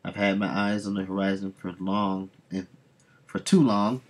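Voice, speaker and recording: A man reading a comic aloud, voicing a brooding male sea king in a slow, solemn way. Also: low voice, little pitch movement.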